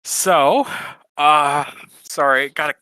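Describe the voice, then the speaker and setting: A man's voice: a little high, takes it slowly, bright, forceful tone, clear, resonant tone, dry recording, rough recording. A man voicing a wry young female frog bodyguard, weary and wincing from a head injury, in a tabletop game. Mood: weary, pained.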